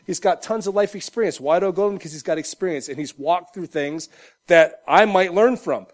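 A young adult male pastor preaches an animated sermon in a fairly quick, high-sitting voice, swinging between loud, shouted lines and quiet, joking asides.

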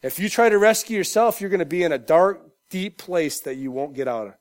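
A pastor preaching a conversational sermon in church, often checking in with "Amen?". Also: male voice, sits high, brisk. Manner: emphatic, conversational preaching with frequent 'Amen?' asides; acts out loud shouted voices for humor.

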